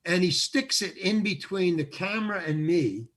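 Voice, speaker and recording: An older man telling a story as a guest, acting out what other people said. His voice swings widely in pitch and has a husky edge. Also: normal speed. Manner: animated, acts out other people's lines. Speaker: guest actor. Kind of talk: storytelling anecdote in an interview.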